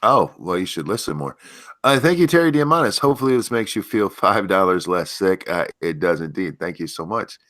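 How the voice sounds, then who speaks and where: Man host, stuffy and under the weather, lowish voice that swings widely, joking and profane in casual stream chat. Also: expressive, a little fast, fairly bright tone, no room sound, clean studio sound. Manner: joking, profane, easily sidetracked. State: stuffy and unwell.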